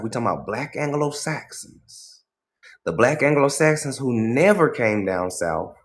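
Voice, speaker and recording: A man hosting a livestream in casual commentary, talking in an animated, profane way and asking "right?" again and again. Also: fairly low pitch. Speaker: livestream host.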